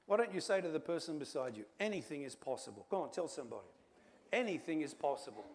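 A man preaching a sermon as pastor, telling a story and swinging from hushed asides to loud calls, with little chuckles along the way. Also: on the high side, big pitch swings, fairly quick.

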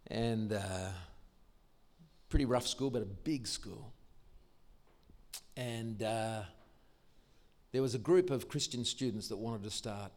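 A man's voice: lowish voice, slow, long pauses, a little mellow. An older man with an Australian accent, giving an enthusiastic storytelling testimony in church. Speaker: Christian musician and speaker. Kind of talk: testimony sermon.

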